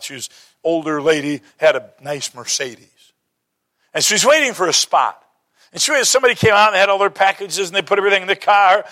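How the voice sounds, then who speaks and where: A man's voice: high voice, fairly bright tone. A man preaching a sermon, telling stories and quoting scripture, with emphatic rises in his delivery. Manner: storytelling, rising to emphatic bursts.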